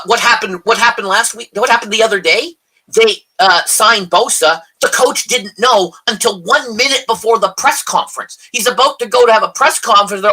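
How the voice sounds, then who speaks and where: A man talking on a casual live stream, his voice sharp and somewhat husky. He rants with heat and swears freely, building up as he argues his point. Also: high-pitched, fairly quick. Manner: heated, swearing rants about football. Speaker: co-host. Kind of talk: casual chat. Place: live stream video call.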